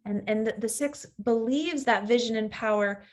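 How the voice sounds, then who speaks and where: A woman's voice: fairly high pitch, normal speed. A woman in her thirties, a coach giving an earnest, reflective teaching talk and sometimes acting out the inner voice of fear.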